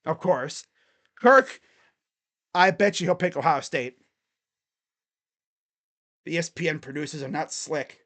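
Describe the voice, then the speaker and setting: Rambling male sports streamer, slightly high voice. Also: unhurried, long pauses, a bit bright. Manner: rambling, thinks aloud with fillers and restarts. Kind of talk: casual livestream chat about college football.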